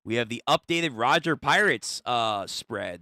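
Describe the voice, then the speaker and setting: A man's voice: mid-range voice, animated, measured pace, hardly any pauses, sharp tone, dry recording, studio quality. A young man reacting live to a manga chapter, talking in a casual, profane way. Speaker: streamer.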